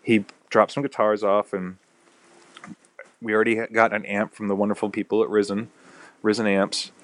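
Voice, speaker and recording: A man's voice: lowish voice, flat delivery, moderate pace, no echo. A man chatting casually as a podcast guest, rambling through a story and acting out what people said. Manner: rambling storyteller who acts out quotes. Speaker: podcast guest, pedal builder.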